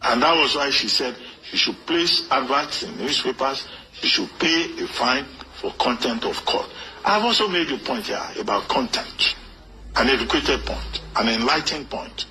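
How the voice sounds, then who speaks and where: A man's voice: medium pitch, expressive, normal speed, bright, forceful tone, a little hiss or hum, poor audio. Lecturing man. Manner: lecturing, explanatory, self-assured. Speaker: commentator. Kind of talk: explanatory commentary.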